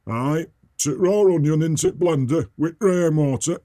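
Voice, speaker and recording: A man voicing a dim northern male soup cook, speaking with a Northern English accent in a slow, blunt, deadpan way. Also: on the high side, no echo, studio quality, voice pushed up, natural voice. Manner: slow, flat and deadpan, dropping words to a clipped "t-". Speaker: guest character.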